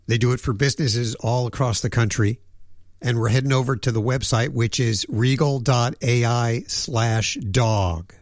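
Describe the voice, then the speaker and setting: A man's voice: mid-range voice, no echo, clean studio sound. A man hosting a radio show, chatting casually and reading a sponsor plug.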